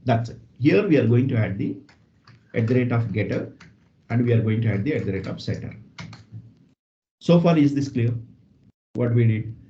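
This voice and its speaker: Male coding instructor, mellow and lo-fi. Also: mid-range voice, animated, normal speed, long pauses. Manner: explains step by step, repeats phrases, frequent "okay" fillers. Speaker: programming instructor. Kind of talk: live coding lesson. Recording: dull lo-fi online class audio with faint hiss.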